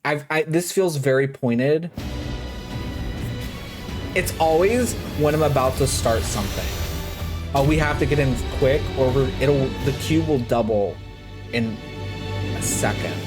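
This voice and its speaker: A man's voice: mid-range voice, a little slow, pauses often, over music. A man streaming a game live, chatting casually and sarcastically, swearing freely and reading game dialogue aloud.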